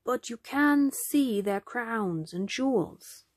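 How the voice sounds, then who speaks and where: A woman voicing a kindly male bronze lion in a picture-book reading, with a gentle, playful manner. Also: on the high side, animated, slow, no echo, clean studio sound.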